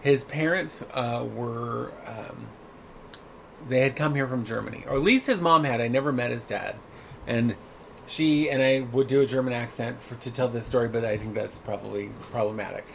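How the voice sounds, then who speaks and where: A man's voice: medium pitch, normal speed, creaky, fairly bright tone, a little hiss or hum, rough recording. A man hosting a casual podcast chat, telling stories in a blunt, profane way. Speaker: podcast host.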